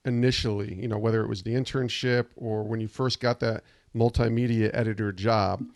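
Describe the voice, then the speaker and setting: A man's voice: fairly low pitch, steady tone, fairly quick, no room sound, studio quality. A man hosting a podcast interview, giving short affirmations and asking thoughtful, rambling questions. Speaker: podcast host.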